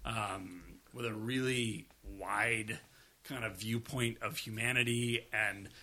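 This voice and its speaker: A man talking on a podcast in a bright, forceful voice. He rambles loosely through his thoughts, swears casually and keeps the tone relaxed and conversational. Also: on the low side, takes it slowly. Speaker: podcast co-host. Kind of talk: casual review chat.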